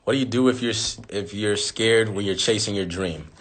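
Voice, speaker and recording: A man's voice: fairly low pitch, moderate pace. A man hosting a live stream, giving blunt, profane advice in a casual monologue.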